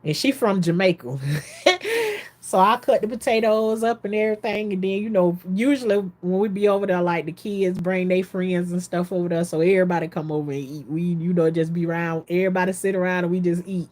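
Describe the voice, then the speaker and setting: A woman vlogging in a casual, excitable storytelling style, rambling between topics and talking straight to her viewers. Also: lowish voice, fairly quick. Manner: chatty, folksy, addresses viewers directly.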